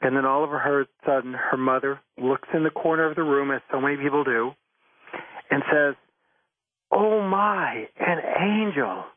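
A man being interviewed about his book, telling stories in a gentle, reflective way. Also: mid-range voice, level tone, fairly quick, no echo. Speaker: author and interviewee. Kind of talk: interview storytelling. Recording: tinny phone line, dry.

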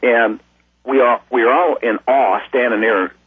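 A man's voice: medium pitch, measured pace, slightly rough, no echo. Folksy man on a tinny phone line. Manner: folksy, rambling, animated when excited. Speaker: interview guest, musician. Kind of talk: casual storytelling.

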